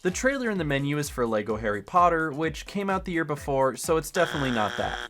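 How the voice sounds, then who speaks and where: A gaming YouTuber, a man with a fairly high voice that swings around a lot, talks through a game retrospective. His delivery is sarcastic and jokey, and he breaks into loud exclamations. Soft music plays behind him. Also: very animated, fast talker. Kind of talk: video game retrospective commentary.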